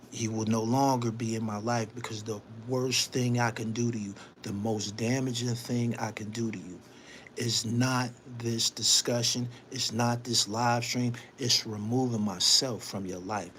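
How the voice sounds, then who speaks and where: A man with a mid-range, fairly bright voice hosts his own online show, and the audio carries a slight hiss or hum. In a heated live-stream monologue he scolds someone, repeating himself emphatically and invoking his faith.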